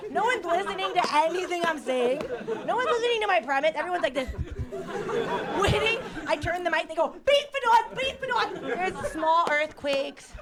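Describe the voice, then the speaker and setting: A young woman doing stand-up comedy, rambling quickly and self-deprecatingly, often laughing between lines. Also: high-pitched. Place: comedy stage with live audience. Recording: loud audience laughter and noise.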